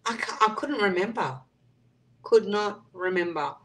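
A woman's voice: medium pitch, expressive, measured pace, very noisy. A woman hosting a live stream, chatting casually and reading out viewer comments and answering them. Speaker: livestream host.

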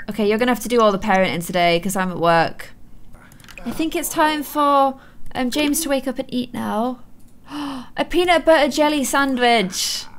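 A woman's voice: high-pitched, fairly bright tone, a little hiss or hum. A young woman commentating a life-simulation game for her viewers, gushing and gasping often as she plays. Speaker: gaming channel host. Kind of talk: let's play commentary.

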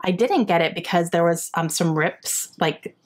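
A young adult woman in casual, excited chat as she unwraps gifts for her book vlog. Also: on the low side, moderate pace. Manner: excited and chatty, gasping and laughing often. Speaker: book vlogger.

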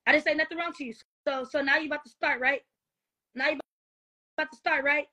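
A woman's voice: sits high, fairly even intonation, fast, bright, forceful tone. A young woman ranting on a livestream, profane and defensive, repeating herself. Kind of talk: heated livestream rant.

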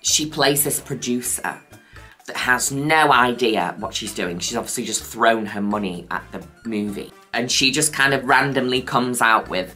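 A woman with a very deep, bright-toned voice reviews makeup in a casual vlog. She gushes and jokes cheekily, and her pitch swings in a lively way. Soft music plays faintly under her talk. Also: moderate pace. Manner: gushing, cheeky, chatty. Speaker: makeup vlogger.

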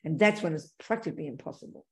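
A woman's voice: sits low, lively intonation, fast. A woman Buddhist teacher giving a dharma talk and answering audience questions, speaking frankly and calling people darling and sweetie.

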